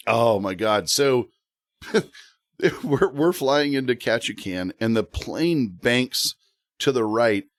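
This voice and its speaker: A man telling a funny story as a podcast guest, animated and often laughing. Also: medium pitch, takes it slowly, no room sound, clean studio sound. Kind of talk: casual storytelling.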